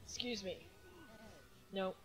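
A woman's voice: mid-range voice, fairly even intonation, takes it slowly, a bit bright, soft background music. A woman chatting casually over a let's play, retelling a story and giving the player directions. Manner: chatty, giggly, backseat directions. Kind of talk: casual gameplay chat.

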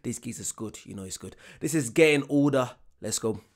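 A man's voice: medium pitch, lively intonation, a little fast. A man in his twenties hosting a reaction video, chatting casually, laughing along and repeating punchlines. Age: 20s.

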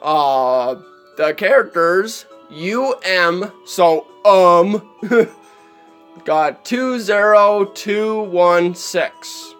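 A man's voice: high-pitched, animated, drawn-out words, fairly bright tone, clear, resonant tone, soft background music. A man streaming live gameplay commentary, chatty and easily exasperated, laughing often at what happens on screen.

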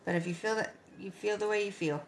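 Woman in her 50s, bit of fry in her voice, chatting with her stream at home, low hum behind. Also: fast. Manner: chatty, reads and answers viewer comments, drifts into soft asides. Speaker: livestream host. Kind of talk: casual late-night livestream chat.

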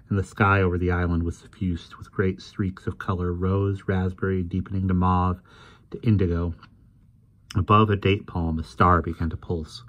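A man reading a novel aloud in measured, unhurried narration. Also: low-pitched, lo-fi sound. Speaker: audiobook reader.

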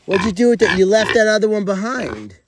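With lively intonation and a high voice that moves a little fast, a middle-aged animal sanctuary caretaker chats to rescue pigs on a casual outdoor farm livestream, calling their names loudly. A slight hiss or hum runs through the recording.

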